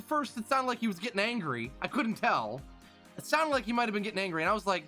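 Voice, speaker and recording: A man live streaming, telling a rambling story in a casual, animated way to his chat. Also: high voice, a little fast, soft background music. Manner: animated, rambling, full of restarts and fillers.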